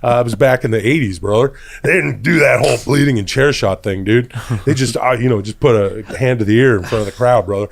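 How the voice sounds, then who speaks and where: A man's voice: medium pitch, quick pace, vocal fry. A man putting on the voice of a boastful pro wrestler who keeps saying brother. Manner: boastful wrestling-promo bluster. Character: gravelly male pro wrestler calling everyone brother.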